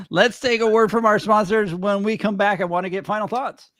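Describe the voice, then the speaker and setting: A man hosting a podcast, chatting in a relaxed way about upcoming voting and handing off to the sponsors. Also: high voice, moderate pace, faint music behind. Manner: relaxed, chatty, many restarts. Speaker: podcast host. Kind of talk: casual podcast chat.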